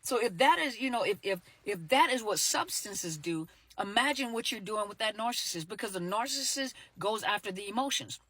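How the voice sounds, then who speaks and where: A woman's voice: mid-range voice, animated, a bit bright, slightly rough, no echo. Chatty woman therapist, dry close sound. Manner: conversational, repeats herself, many "you know" fillers, acts out quick quoted exchanges. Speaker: therapist and coach. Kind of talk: casual direct-to-camera talk.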